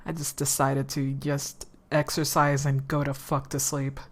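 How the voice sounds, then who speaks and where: A woman's voice: a bass voice, little pitch movement, measured pace. A woman streamer, chatting casually and swearing freely as she drifts between topics. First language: Spanish.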